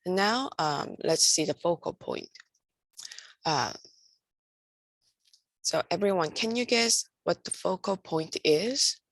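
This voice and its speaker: Slow, low-voiced woman lecturing with fry. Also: lively intonation, dry recording. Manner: hesitant, many fillers. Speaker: art instructor.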